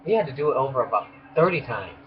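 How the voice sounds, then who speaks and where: A man's voice: medium pitch, very animated, quick pace. Young man rambling, muffled lo-fi audio. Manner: rambling, restarts, frequent laughs. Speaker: beauty school student. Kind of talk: casual vlog storytelling. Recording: muffled lo-fi audio with background noise.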